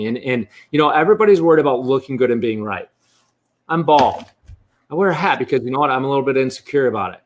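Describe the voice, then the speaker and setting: A man talking as a real estate coach in a candid interview, blunt and profane. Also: mid-range voice. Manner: blunt and profane, speaks freely.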